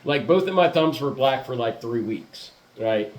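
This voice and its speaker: A man's voice: medium pitch, lively intonation, a little slow, a little mellow. A man telling a rowdy story in a casual podcast chat, swearing freely and laughing often. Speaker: podcast host.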